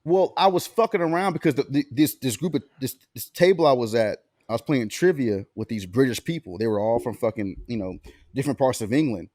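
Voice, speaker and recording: Podcast co-host from Alabama, lively pitch, dry close sound, loose profane storytelling. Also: male voice, a little fast, no room sound. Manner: laid-back, profane storytelling with laughs. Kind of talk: casual chat.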